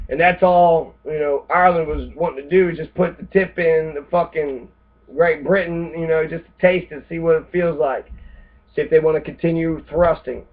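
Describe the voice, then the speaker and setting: A man's voice: fairly high pitch, fairly even intonation, fairly quick. Profane rambling American man, tinny sound. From United States. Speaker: host. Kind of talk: casual rant monologue. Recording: tinny phone-like lo-fi audio.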